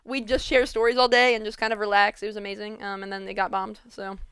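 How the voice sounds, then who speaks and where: A woman's voice: medium pitch, little pitch movement, fast, a bit bright, clear, resonant tone, dry recording. A teenage girl hosting a casual chat, rambling with many fillers. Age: teens. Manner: rambling, filler-heavy, laughs often. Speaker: host.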